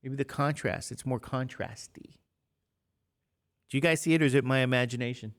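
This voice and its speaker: A man's voice: mid-range voice, normal speed. A man in his fifties, a math teacher talking casually and rambling to his class between examples. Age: 50s. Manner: chatty, rambling, jokey asides to students.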